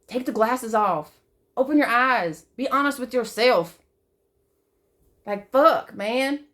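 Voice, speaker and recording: A female vlogger speaks straight to camera in an emotional personal monologue, swearing often, repeating herself, and swinging between loud outbursts and soft, quiet pleading. Her voice is a little high and her pace slow.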